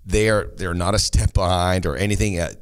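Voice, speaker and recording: A man's voice: low voice, steady tone, normal speed. A man co-hosting a casual soccer talk show, chatting and answering listener questions. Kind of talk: casual sports chat. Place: studio near the team's home ground.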